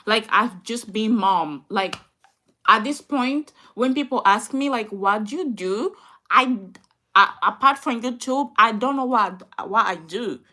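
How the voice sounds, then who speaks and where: Young woman vlogger, bright higher voice, upset, venting to camera, near tears. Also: expressive, unhurried. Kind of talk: emotional chat to camera.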